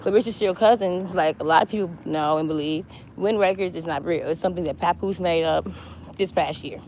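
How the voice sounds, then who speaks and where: A woman's voice: fairly low pitch, brisk, a little mellow. Woman doing a gossip rant, blunt and mocking, curses a lot, faint hiss. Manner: blunt, mocking, swears freely. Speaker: gossip commentator. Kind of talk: casual gossip commentary.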